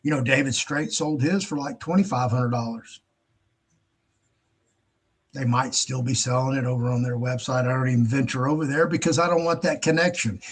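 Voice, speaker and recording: Husky, blunt, profane male host ranting. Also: medium pitch, fairly even intonation, normal speed. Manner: blunt, profane, exasperated, many restarts. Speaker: show host. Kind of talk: ranting monologue.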